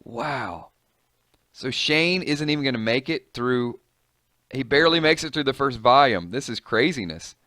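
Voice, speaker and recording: A man's voice: mid-range voice, expressive, measured pace, sharp tone, dry recording, clean studio sound. A man casually reading and commenting on a comic, chatty and reactive, musing aloud.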